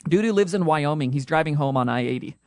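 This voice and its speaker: A young man with a Utah accent, co-hosting a podcast in a casual, joking way with quick asides. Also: a little high, lively intonation, a little mellow, no room sound, clean studio sound. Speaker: podcast co-host.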